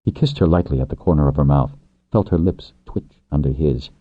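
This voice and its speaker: A man reads an audiobook in a very deep, husky voice, measured and low-key. His intonation moves widely within the lines. The recording is tinny and phone-like, dry with no room sound. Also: no echo. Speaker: audiobook narrator. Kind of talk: scripted narration.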